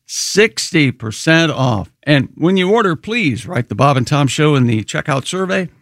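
A man with a fairly high voice reads a home security ad live on air with a playful, boastful tone. The sound is close and dry, with no room around it. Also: very animated, normal speed, a bit bright, no echo. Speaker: radio show co-host. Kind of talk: radio banter and live-read ad.

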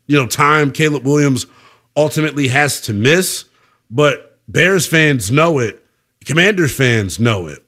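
A fired-up man hosting sports talk radio, his voice sitting a bit high for a man. He hammers his opinions home, then drops into quieter, heavier stretches. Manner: emphatic, opinionated, swings from loud to subdued.

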